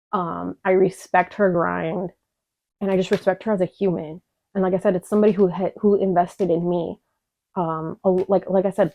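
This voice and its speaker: Young woman, vlogger, candid and emotional, swears a lot, lowish voice, lo-fi sound. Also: vocal fry. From Chicago. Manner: emotional, profane, rambling with many fillers. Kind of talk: candid personal storytelling. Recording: dull lo-fi dry audio.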